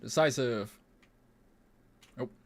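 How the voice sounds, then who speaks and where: A man's voice: mid-range voice, extremely slow. A young man streaming a game, chatting casually in a rambling, profane, incredulous way into a desk mic. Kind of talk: casual gaming stream chat.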